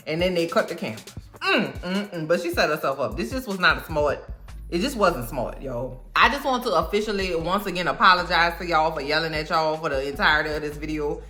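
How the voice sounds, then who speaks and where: Woman, reaction host, casual slang rant, bright tone, soft music in background. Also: on the low side, a little fast. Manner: animated, emphatic ranting with slang.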